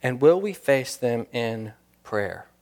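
A man preaches in an earnest, searching way, putting questions to his listeners and repeating his main points. His voice sits at an ordinary middle pitch. It rings out with the long reverb of a church sanctuary. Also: lively intonation, slow pace, darkish tone. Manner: earnest, rhetorical questions, repeats key lines for emphasis. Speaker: pastor. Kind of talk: sermon.

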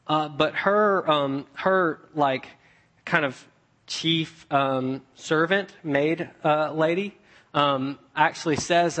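A young man preaching a sermon, telling stories in a chatty way and dropping to a hush for emphasis. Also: on the high side. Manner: conversational storytelling with dramatic hushed drops.

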